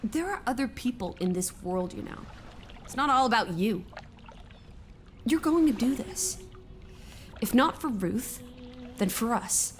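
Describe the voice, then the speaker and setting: A woman's voice: fairly high pitch, animated, a little slow, pauses often, faint music behind. A woman playing a spirited young ward in a horror game, who scolds and teases her companion. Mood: lecturing. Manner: scolding, playful.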